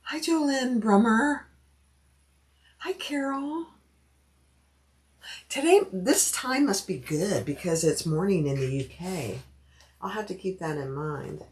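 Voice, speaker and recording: A woman's voice: medium pitch, lively intonation, takes it slowly, pauses often, darkish tone. A woman hosting a sewing livestream, chatting casually and thinking aloud as she cuts out fabric pieces and greets viewers by name. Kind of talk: casual livestream chat while cutting fabric.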